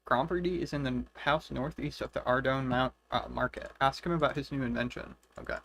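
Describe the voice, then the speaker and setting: Gravelly man playing a game. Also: medium pitch, steady tone, brisk, fairly bright tone, slight background noise. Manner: swears freely, reads quest guide aloud. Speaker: game streamer. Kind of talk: casual let's-play commentary.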